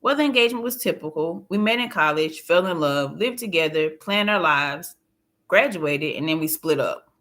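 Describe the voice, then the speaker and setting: Bright-voiced woman narrating an audiobook. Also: low-pitched, expressive, normal speed. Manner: plain, confiding storytelling. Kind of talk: first-person audiobook narration.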